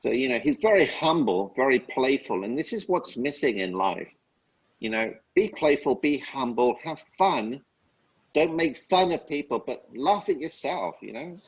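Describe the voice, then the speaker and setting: A man as an interview guest, telling upbeat stories and giving slow, emphatic life advice. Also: mid-range voice, big pitch swings, husky, lo-fi sound. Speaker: guest speaker. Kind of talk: casual interview chat.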